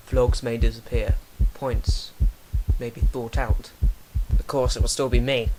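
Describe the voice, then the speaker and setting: A man making a measured announcement to his viewers. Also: mid-range voice, noisy background.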